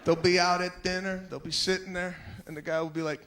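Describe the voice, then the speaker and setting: A stand-up comedian man works the stage with a strikingly high, animated voice, slipping into the voices of the people in his stories. Clear audience noise sits behind him throughout the live set. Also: brisk. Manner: animated, acts out characters' voices.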